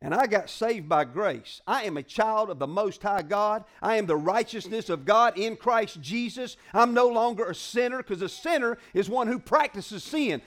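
Male preacher, high-pitched, chatty call-and-response sermon delivery. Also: expressive, moderate pace, few pauses, fairly bright tone. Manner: conversational, call-and-response preaching with colloquial asides. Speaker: pastor.

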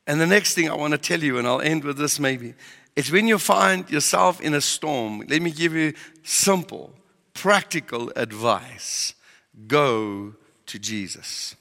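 A man's voice: a little high, vocal fry, fairly bright tone, long reverb tail. A man preaching a sermon as pastor, driving his points with emphatic rhetorical questions.

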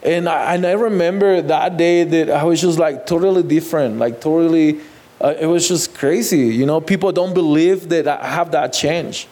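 A guest from Mexico shares his personal testimony in a warm, fairly high-pitched voice. He speaks haltingly, repeating words and using non-native phrasing.

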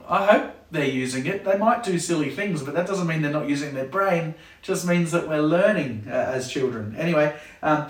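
A jokey, chatty man talks casually to kids and parents at the camera, sometimes acting out a parent's voice. His voice sits a little higher than most men's. He sounds set back from the mic in a roomy, echoing space. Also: expressive, normal speed, recorded from a distance. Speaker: kids club leader.

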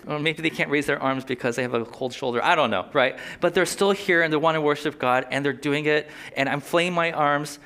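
A pastor delivers a sermon in a loose, talkative manner. His voice sits a little high for a man, and he breaks off into quick asides and short laughs. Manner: animated, conversational preaching with quick asides and laughs.

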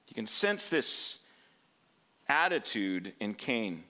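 A man's voice: fairly low pitch, expressive, measured pace, a bit bright. A man preaching a sermon in a conversational way, often asking rhetorical questions and checking in with "right?".

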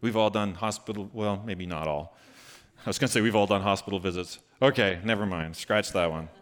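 A man preaching a conversational sermon, retelling a scripture story with lively bursts. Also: lowish voice, brisk. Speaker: pastor.

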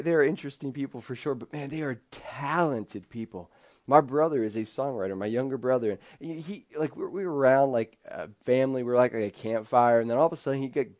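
A man in his thirties preaching an earnest, conversational sermon, often restarting his sentences. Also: medium pitch. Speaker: pastor.

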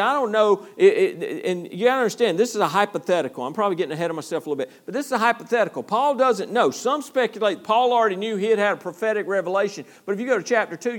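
High-voiced preaching pastor, lilt. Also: male voice. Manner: animated preaching with frequent restarts, rising emphasis. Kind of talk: sermon.

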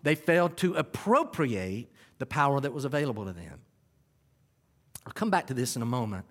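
A man preaching a sermon, animated, swinging between quiet asides and loud climaxes. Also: medium pitch, normal speed, in a large hall. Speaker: pastor.

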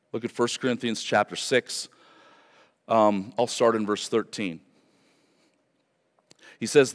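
Man, pastor, earnest emphatic sermon, repeated phrases, reverberant church hall. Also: fairly low pitch.

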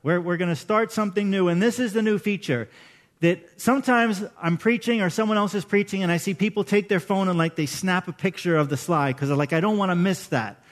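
A man's voice: sits high, fairly quick. A man in his fifties preaching a sermon as pastor, chatty and emotional, often putting questions to the congregation.

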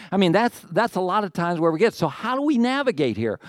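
A man's voice: high voice, very animated, fast, hardly any pauses, no room sound, studio quality. A middle-aged man preaching a sermon to his congregation in a conversational way, with asides, jokes at his own expense and questions to the room. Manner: conversational, self-deprecating humor, rhetorical questions to congregation. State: out of breath. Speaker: pastor.

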